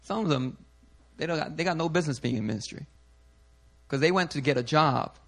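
A male pastor giving a sermon in an animated, conversational way, full of slang and asides to the congregation. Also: on the high side, fairly quick, gravelly.

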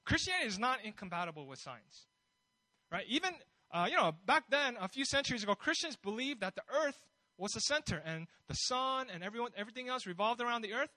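Guy preaching, really high voice, dry close sound, keeps asking the crowd questions. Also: very animated, fast, pushed and bright, no room sound, rough recording. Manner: conversational, bold preaching with rhetorical questions. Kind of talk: sermon.

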